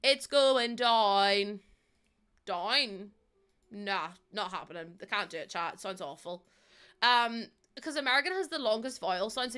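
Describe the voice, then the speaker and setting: Bright young Northern Irish woman streamer. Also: on the high side, clean tone. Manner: chatty and rambling, many ums, talks to chat. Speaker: game streamer. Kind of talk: casual livestream chat while playing.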